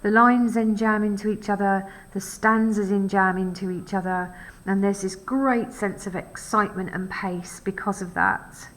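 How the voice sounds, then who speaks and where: A middle-aged woman teaching English literature, reading poetry aloud slowly and then explaining it in a chatty, teacherly way. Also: mid-range voice, fairly even intonation, low-quality recording. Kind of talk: poetry reading and analysis lesson.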